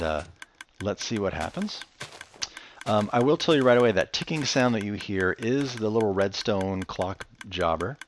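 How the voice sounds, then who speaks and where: A man's voice: on the low side, a little hiss or hum. A man giving casual, rambling gameplay commentary, chatty and enthusiastic with laid-back slang. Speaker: Minecraft let's-play host.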